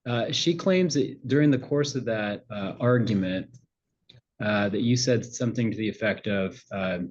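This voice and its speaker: A man presiding as a judge at a hearing, asking questions in a halting way with many fillers. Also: lowish voice. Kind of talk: courtroom questioning. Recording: muffled lo-fi audio.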